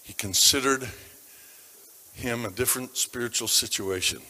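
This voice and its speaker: A man preaching a sermon, telling stories about people from his congregation, dropping to a hush and then rising to loud emphasis. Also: mid-range voice, moderate pace. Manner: dramatic shifts between hushed and loud. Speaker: pastor. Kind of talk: sermon storytelling. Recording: long reverb of a large hall.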